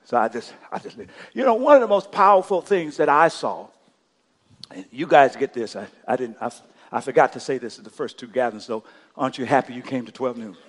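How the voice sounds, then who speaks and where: A male pastor preaching a sermon with rising passion, often shouting and calling out to the congregation in a church. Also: mid-range voice, lively intonation, fairly quick, long reverb tail. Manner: impassioned preaching that builds to shouting, calls to the congregation. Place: church sanctuary.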